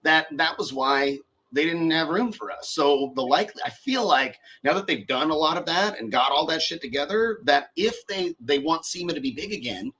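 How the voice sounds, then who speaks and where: A man's voice: a little high, expressive, normal speed, few pauses, pushed and bright, slightly rough. A young man in casual podcast chat about car audio, rambling and profane with many fillers and restarts.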